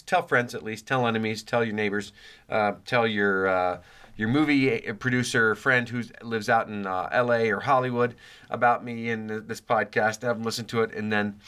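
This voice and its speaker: A man's voice: fairly low pitch, sharp tone, smooth. A man hosting a podcast in a rambling, jokey way from his home office, his voice recovering after a chest cold. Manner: jokey and rambling, many fillers. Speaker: podcast host. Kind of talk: casual rambling podcast intro.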